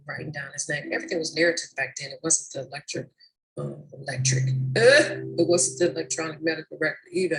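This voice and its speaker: A woman's voice: sits low, background noise. A woman telling a story from her nursing job in a blunt, matter-of-fact way, calling people honey and girl. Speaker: prison nurse telling a work story. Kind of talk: casual storytelling to camera.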